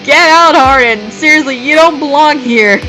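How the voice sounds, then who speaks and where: A woman's voice: high voice, moderate pace, bright, forceful tone, rough recording. A woman reading fan fiction aloud for laughs, breaking off to mock it and laughing often. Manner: laughs often, mocking asides. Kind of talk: comedic reading with commentary. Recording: background guitar music.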